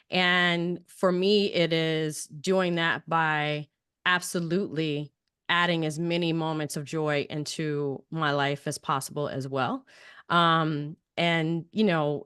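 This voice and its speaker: A woman's voice: on the low side, fairly bright tone. A woman coach on a podcast roundtable, talking reflectively and thinking aloud. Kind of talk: casual roundtable sharing.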